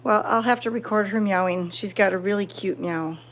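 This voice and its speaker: A woman live-streaming from a cat sanctuary, chatting casually with viewers and cooing softly at the cats. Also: medium pitch, fairly quick. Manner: soft-spoken, cooing baby talk to cats. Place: indoor cat room at a sanctuary.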